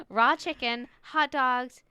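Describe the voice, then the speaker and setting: A playful young woman co-hosts a casual podcast, her pitch swinging widely as she teases and laughs. Her voice is bright and clean, recorded dry and close. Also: sing-song, drawn-out words, dry recording. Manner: playful, teasing, laughs a lot. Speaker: podcast co-host. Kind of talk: casual chat.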